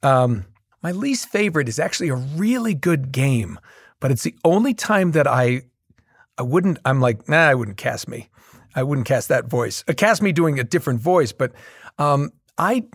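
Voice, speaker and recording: A middle-aged man chatting as an interview guest, his pitch swinging widely as he tells stories. The voice has a gravelly edge and the sound is dry and close. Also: moderate pace, dry recording. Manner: animated storyteller, many restarts. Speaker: guest voice actor. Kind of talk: casual interview chat.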